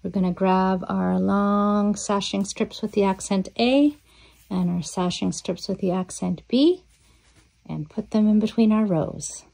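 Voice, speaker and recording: Woman, quilting tutorial, slow unhurried delivery, dry close sound. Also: medium pitch, gravelly, no echo. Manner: relaxed, step-by-step instruction. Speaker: quilting teacher. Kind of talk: sewing tutorial.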